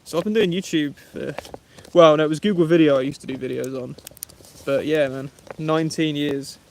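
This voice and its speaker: A man's voice: a little high, normal speed, gravelly, a little hiss or hum. Chatty young Englishman live from camp. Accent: Essex English. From England. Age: 20s. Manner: chatty, friendly, reads viewer names aloud. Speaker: vlogger. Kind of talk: live-stream chat, reading comments. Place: outdoors in woodland camp.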